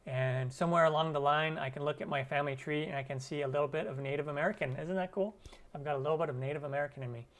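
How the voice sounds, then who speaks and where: A man's voice: on the high side, steady tone, very fast, fairly bright tone. Chatty man answering live chat. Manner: chatty, rambling, answers viewer comments with many fillers. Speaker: cooking channel host. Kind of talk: live stream Q&A. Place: lives in Arizona.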